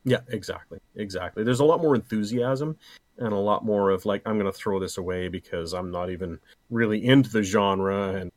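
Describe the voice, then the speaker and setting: A man's voice: on the low side, brisk, no echo. A middle-aged man in a casual podcast chat, joking around and rambling with a playful manner. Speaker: podcast co-host.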